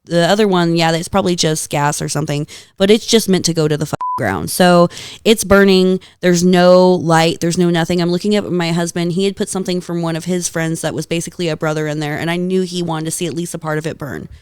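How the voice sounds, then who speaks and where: A woman guest on a podcast, telling stories in a lively, casual way, swearing freely and laughing often. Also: lowish voice, fast, clean tone, dry recording. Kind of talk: casual storytelling chat.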